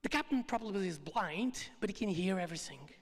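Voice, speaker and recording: Speaker putting on a steady male passenger, low and reassuring, long hall reverb. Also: a little fast, natural voice. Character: calm male passenger on a plane.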